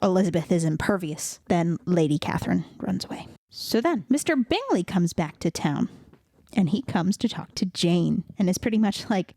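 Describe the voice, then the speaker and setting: A woman's voice: on the low side, sing-song, normal speed, darkish tone, dry recording, studio quality. A young woman hosting a podcast, retelling a classic novel in a breezy, playful way, dropping "like" often and briefly mimicking the characters. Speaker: podcast host. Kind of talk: casual comic book retelling.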